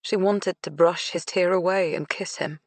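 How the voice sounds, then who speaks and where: A woman narrating an audiobook in a measured, unhurried reading. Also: on the low side, fairly even intonation, no echo. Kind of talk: scripted narration.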